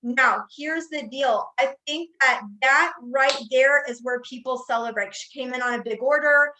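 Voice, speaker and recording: A woman with a high, bright voice, speaking as an older motivational speaker. She tells stories with emphasis, circling back to drive her points home. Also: a little slow, low-quality recording. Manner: emphatic, storytelling, repeats phrases for effect. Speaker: network marketing speaker. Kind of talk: motivational talk.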